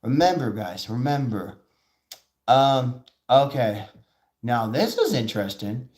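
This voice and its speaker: A man hosting a live stream, rambling and excitable. He slips into quick impressions of the people he talks about, then carries straight on with his commentary. His pitch sits right in the middle for a man. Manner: rambling, excitable, acts out quoted voices. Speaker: host of a live show.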